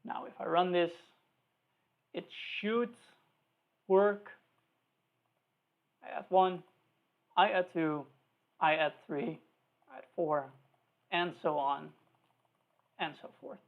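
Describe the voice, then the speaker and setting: This live-coding tutorial comes through a tinny, phone-like recording, with an instructor whose medium-pitched voice is unhurried, carries vocal fry, and leaves long pauses. Each line gets spelled out as the instructor thinks out loud and catches slips.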